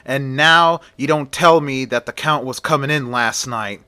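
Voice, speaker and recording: A rude, short-tempered middle-aged agent snaps and swears, as a man puts him on while telling the story. The voice is bright and forceful. The sound is close and dry. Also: mid-range voice, measured pace, smooth, no room sound. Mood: angry, curt. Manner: curt, cursing, bossy.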